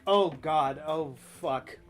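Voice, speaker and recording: A gaming streamer with a voice on the high side takes things slowly over soft background music. His casual gameplay commentary rambles, full of stammers, self-mocking jokes, and plenty of swearing.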